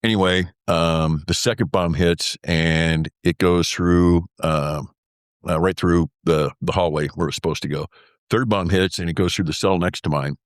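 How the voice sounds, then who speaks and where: Older male guest, low voice, rambling storyteller, dry close sound. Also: steady tone, moderate pace, no room sound. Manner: rambling, full of fillers like "uh" and "anyway"; acts out remembered dialogue. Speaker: former military pilot telling his story as guest. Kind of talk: conversational storytelling interview.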